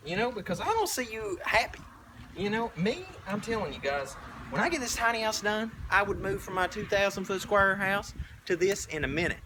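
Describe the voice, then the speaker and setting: This young man, a prepper vlogger with a Southern American accent, rambles through a blunt, folksy sermon while painting at a tiny house build site, restarting often. He has a high, animated voice, talks fairly quickly, and the background is noisy.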